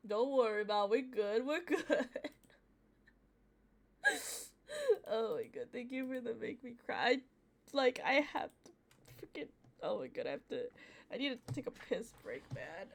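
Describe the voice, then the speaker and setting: A woman's voice: a little high, lively intonation, unhurried. A young woman streaming a game, reacting emotionally in casual, slangy talk full of swearing.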